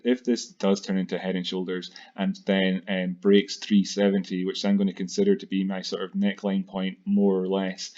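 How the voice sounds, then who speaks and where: A man hosting a channel, talking through crypto price charts quickly, with many fillers and restarts. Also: fairly low pitch, darkish tone, highs cut off. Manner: fast-talking, with many fillers and self-corrections. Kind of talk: screen-share technical analysis commentary.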